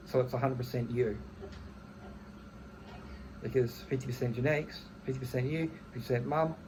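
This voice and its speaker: A man's voice: mid-range voice, gravelly, warm tone, a little hiss or hum, low-quality recording. A man, venting bluntly in a casual monologue, swearing heavily and often restarting his phrases. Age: 30s. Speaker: vlogger.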